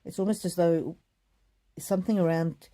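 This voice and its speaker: Soft-spoken woman giving a gentle reading. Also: on the low side, steady tone. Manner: gentle, halting, many ums and repeats. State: choked up with emotion. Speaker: psychic card reader. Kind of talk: live oracle card reading.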